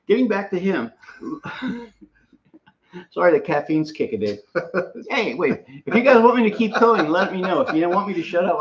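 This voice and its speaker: A man with a slightly high voice, chatting casually as a co-host. He rambles through anecdotes and laughs often. The sound is dull and lo-fi. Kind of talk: casual chat.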